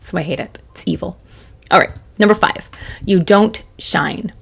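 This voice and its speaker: A woman's voice: lowish voice, moderate pace, vocal fry, slightly rough. A woman in her forties giving a chatty, self-deprecating motivational talk to camera as a business coach, laughing often.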